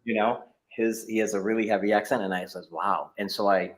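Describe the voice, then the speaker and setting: A man's voice: lowish voice, flat delivery, fast talker. A middle-aged man, a martial arts instructor, telling his story in a casual interview over a video call, with many fillers and restarts.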